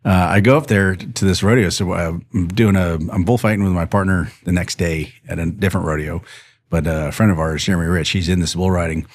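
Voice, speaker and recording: Deep-voiced man spinning rodeo yarns. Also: a little fast, no echo. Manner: animated storyteller who acts out other people's lines and laughs often; rambling, with many fillers and restarts. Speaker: podcast guest, rodeo bullfighter and horseman. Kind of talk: casual storytelling interview.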